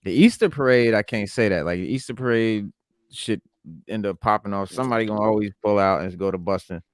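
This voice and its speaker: A man's voice: fairly low pitch, a little fast, dry recording. A man from New York co-hosting a podcast, telling stories in a laid-back, slangy way. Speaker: podcast co-host. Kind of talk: casual chat.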